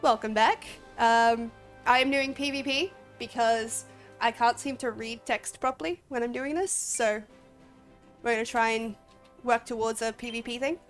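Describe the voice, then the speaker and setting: A woman's voice: a little high, fairly even intonation, moderate pace. Chatty Australian woman streaming a game. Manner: chatty, rambling, laughs often. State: sniffly, drowsy. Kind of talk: casual gameplay commentary. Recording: faint game music behind.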